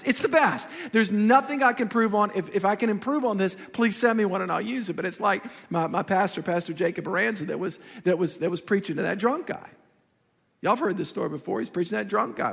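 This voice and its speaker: A man preaching a lively sermon in a large church auditorium, his high voice carrying a gravelly edge. He repeats phrases for emphasis and slips into quick acted-out quotes. The sound rings with the long reverb of a big hall. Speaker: pastor.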